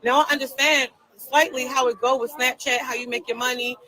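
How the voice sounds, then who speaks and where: A woman with a high, bright, forceful voice speaks on a casual live stream. She tells her story emphatically, repeating herself as she presses each point. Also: little pitch movement, poor audio. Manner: emphatic, repetitive, fast storytelling.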